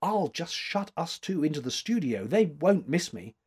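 A man's voice: on the high side, very animated, moderate pace, a little mellow, slightly rough, pitched above the performer's own voice. A man reading aloud, voicing an eager and anxious young woman sculptor.

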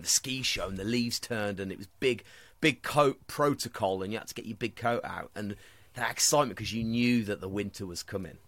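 A man's voice: mid-range voice, fairly bright tone, dry recording. A man co-hosting a podcast in casual chat, telling funny stories. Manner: storytelling, jokey. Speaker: podcast co-host.

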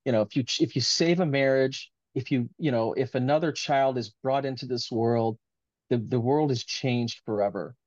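Being interviewed casually, this author, a man of middle pitch, talks at a normal speed, sincerely and at length, returning to his ideas with warmth. The sound is dull and lo-fi, dry and close, with no room sound.

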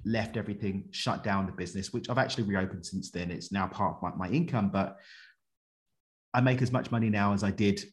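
A man, a podcast guest telling a personal story in an animated, colloquial way, chuckling often. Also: lowish voice, brisk.

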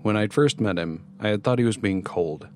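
A man reading a first-person horror story in measured scripted narration. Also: lowish voice, slight background noise.

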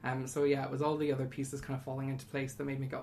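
A woman in her twenties with an Irish accent chats candidly as an interview guest, using lots of fillers in a casual conversation. Her voice is bass-deep and darkish, with a level tone and a fast pace.

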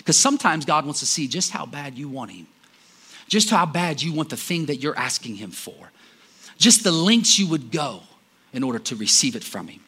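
Impassioned husky male preacher. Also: big pitch swings, moderate pace. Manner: impassioned, swings between loud cries and low murmurs. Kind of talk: sermon.

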